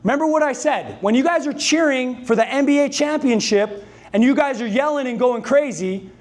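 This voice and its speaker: A man giving an energetic motivational speech to a live sales team, calling on the audience to answer and repeat after him. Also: extremely high pitch, fairly quick. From Canada. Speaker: sales trainer. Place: dealership meeting room with a live audience.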